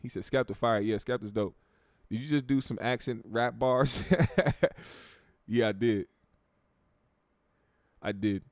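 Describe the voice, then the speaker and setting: A man's voice: mid-range voice, fairly even intonation, takes it slowly, pauses often, darkish tone, no room sound, clean studio sound. A man from the United States hosting a livestream, reading out viewer comments in a brash, profane, blunt way. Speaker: show host.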